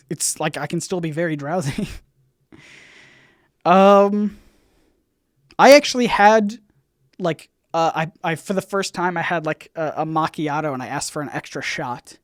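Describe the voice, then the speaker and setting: A man hosting a casual livestream Q&A, rambling and halting, full of fillers and restarts, with his volume bouncing up and down. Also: fairly high pitch, no room sound, clean studio sound. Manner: swings in loudness, bouncy. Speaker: YouTube channel host.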